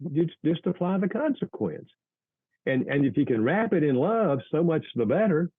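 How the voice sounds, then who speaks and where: A male author giving earnest, measured advice as an interview guest, often restarting his sentences. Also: medium pitch, animated, no room sound. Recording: tinny phone-like line, dry.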